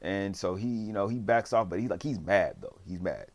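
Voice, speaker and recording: Slangy, rambling man with a lowish voice. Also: normal speed. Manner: slangy, rambling storyteller who acts out quotes. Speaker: drama reviewer. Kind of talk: casual recap of a TV series.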